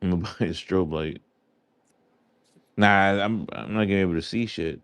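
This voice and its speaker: New york guy rambling to chat on his stream, lowish voice, kinda rough around the edges. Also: normal speed, dry recording. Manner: chatty, answers chat aloud, loose and rambling. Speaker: livestream host. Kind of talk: casual live chat with viewers.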